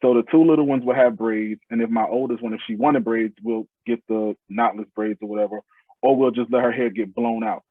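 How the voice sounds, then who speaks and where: A man tells his story as a podcast guest in a husky voice, earnest and heartfelt, his phrases starting over as he goes. The sound is thin and phone-like, and dry with no room around it. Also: medium pitch, steady tone, fairly quick, dry recording. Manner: earnest, heartfelt, speaks in loose restarting phrases. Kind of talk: casual interview storytelling.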